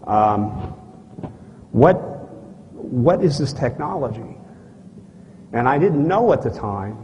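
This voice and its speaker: A man giving a live conference talk, telling a personal story in a blunt, folksy way, acting out dialogue and often clearing his throat. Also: mid-range voice, slow, highs cut off. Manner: animated storyteller who acts out dialogue and gestures; blunt and folksy, with frequent asides to the audience. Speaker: speaker at a conference. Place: stage in a large conference hall. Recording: archival talk, echoey hall, faint noise.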